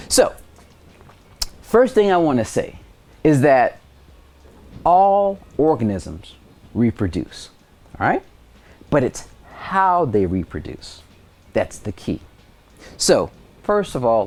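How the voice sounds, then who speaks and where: A middle-aged man teaching a high school science lesson on TV in a casual, joking, conversational way. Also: darkish tone. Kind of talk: televised classroom lesson.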